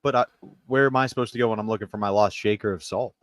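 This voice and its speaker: A man's voice: on the low side, steady tone, very fast, no room sound. A man co-hosting a podcast, trading dry jokes in casual chat. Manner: dry, joking. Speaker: podcast co-host.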